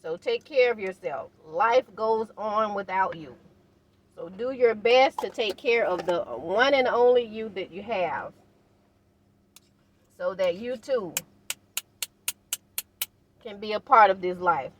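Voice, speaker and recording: An older woman vlogs from inside her van, speaking in a slow, unhurried way. She encourages her viewers and calls them guys as she makes a simple meal. A touch of faint noise sits under her voice. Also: mid-range voice, animated, muffled recording. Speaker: van life vlogger. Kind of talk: casual vlog while cooking.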